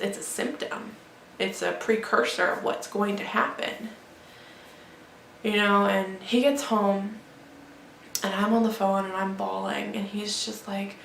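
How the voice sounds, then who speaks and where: Grieving woman with a creaky voice. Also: mid-range voice, a bit bright. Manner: halting, grieving, many restarts and fillers. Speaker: vlogger. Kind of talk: emotional personal storytelling. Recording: echoey room with faint background noise.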